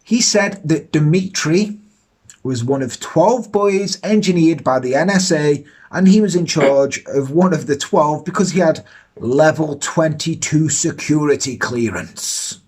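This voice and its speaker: Husky man telling a crime story. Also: a little high, a little slow, a little mellow. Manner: sweary, sardonic, jokey asides. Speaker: podcast host telling a true crime story. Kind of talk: casual storytelling chat.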